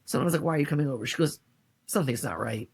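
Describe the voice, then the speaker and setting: A woman's voice: a bass voice, rapid-fire, husky. A middle-aged woman, a podcast guest, telling a personal story with feeling and acting out the voices of others. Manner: animated, acts out quoted voices.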